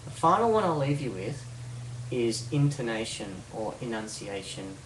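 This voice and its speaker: A man's voice: medium pitch, sing-song, normal speed, recorded from a distance. A man explains hypnosis techniques to the viewer step by step, often repeating phrases and asking whether you can hear the difference. He sounds set back from the mic, and the room gives his voice a noticeable echo. A faint background hum sits under his speech. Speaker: hypnosis instructor. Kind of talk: instructional video.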